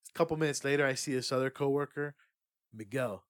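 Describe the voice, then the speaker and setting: A man's voice: medium pitch, rapid-fire. A man in his early thirties telling a story in a casual podcast chat, swearing and acting out the people he quotes. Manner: animated, swears, acts out quotes. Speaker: podcast co-host.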